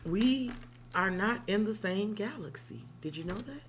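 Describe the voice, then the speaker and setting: On a very noisy recording, a South Side Chicago tarot reader hosts a casual livestream reading. Her mid-range voice is animated and unhurried, and she's salty, chatty and digressive, cursing without restraint.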